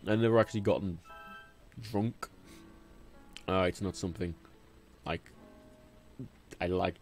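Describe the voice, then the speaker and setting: A man's voice: low-pitched, fairly even intonation, a little slow. A young English man with a faint Liverpool twinge, rambling and swearing freely as he chats on a gaming livestream. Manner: rambling, swears freely, jumps between topics. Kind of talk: casual gaming livestream chat. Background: faint game music.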